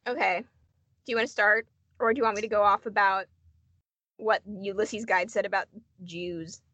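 Quizzing her co-host on a podcast, a woman chats casually and fills her speech with fillers. Her medium-pitched voice is pushed and bright, with fairly even intonation at normal speed, in a dry recording.

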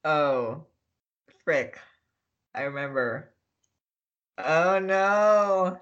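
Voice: mid-range voice, expressive, extremely slow, fairly bright tone, lo-fi sound. A podcast co-host chatting casually, rambling, giggling and trailing off while searching for words. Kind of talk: casual chat.

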